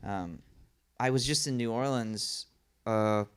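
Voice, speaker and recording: A man's voice: lowish voice, slow, clean tone. A man in his thirties from the American South, telling stories as a comedian guest at a live podcast, acting out voices and laughing often. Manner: animated storyteller, acts out voices, laughing a lot. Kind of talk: casual storytelling chat.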